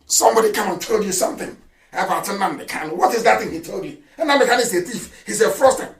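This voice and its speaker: Man, fiery radio address, shouting and scolding, high voice, echoey, far from the mic. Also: expressive, fast. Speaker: political activist broadcaster.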